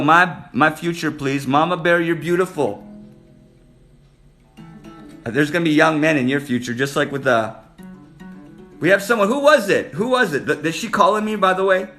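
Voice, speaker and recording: A man's voice: a little high, a bit bright. A man hosting a casual live stream, flirting playfully and calling out viewers by name. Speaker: livestream host reading viewer comments.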